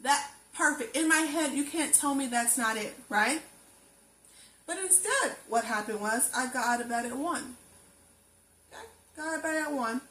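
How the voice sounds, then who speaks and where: A woman's voice: sits high, moderate pace, sharp tone. Earnest woman vlogger in an echoey room. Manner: earnest, self-affirming, repeats phrases for emphasis. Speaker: lifestyle vlogger. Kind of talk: personal reflective monologue. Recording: echoey room with faint ambient noise.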